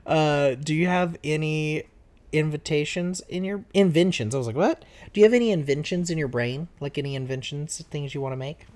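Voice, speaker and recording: A man's voice: a little high, a little fast, darkish tone. A man, a dad, hosting a casual podcast chat with his child, asking playful, goofy questions. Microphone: podcast microphone.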